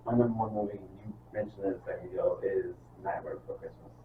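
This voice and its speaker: A man co-hosting a podcast in casual chat, easygoing and quick. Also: sits low, fairly even intonation, distant mic. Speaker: podcast co-host. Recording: tinny, roomy, off-mic.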